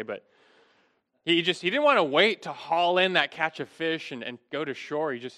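A man's voice: on the high side, bright, forceful tone. A middle-aged man preaching an expository sermon, earnest and emphatic, often restarting his phrases.

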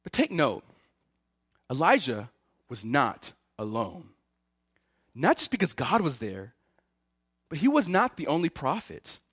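A man's voice: a little high, unhurried, pauses often, husky, no room sound. Guy preaching, voice jumps all over, acts out the bible lines, dead dry sound. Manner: animated preaching, voices Elijah's and God's words with feeling. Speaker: pastor. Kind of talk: sermon.

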